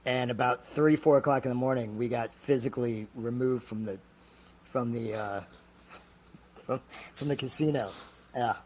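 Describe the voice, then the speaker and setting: Male guest storyteller, loose and rambling, average pitch. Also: darkish tone, a little hiss or hum. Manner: halting, full of fillers and restarts. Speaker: guest actor. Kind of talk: casual storytelling.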